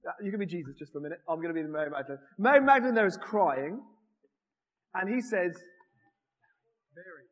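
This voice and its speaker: A man giving a conversational, animated sermon in a church, joking with the congregation as he goes. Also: sits high, fast talker, lo-fi sound. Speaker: preacher. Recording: reverberant church hall.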